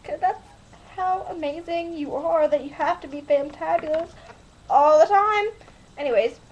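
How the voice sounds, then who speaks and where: A woman's voice: high-pitched, normal speed, muffled recording. A woman recording a hyper, giggly, gushing webcam message to a friend on a built-in webcam mic.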